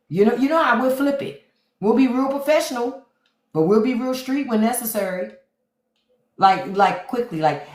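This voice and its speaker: A woman's voice: fairly high pitch, lively intonation, a little slow, echoey room. A woman hosting a casual livestream talk, speaking emphatically, often repeating "listen", and acting out short examples as she goes. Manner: slips in and out of quoted voices to show examples. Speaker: podcast host.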